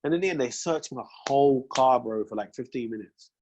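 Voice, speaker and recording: A man's voice: mid-range voice, a little fast, highs cut off, slight background noise. A young man hosting a casual chat, telling stories and acting out both sides of conversations. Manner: animated storytelling, acts out police exchanges. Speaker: podcast host.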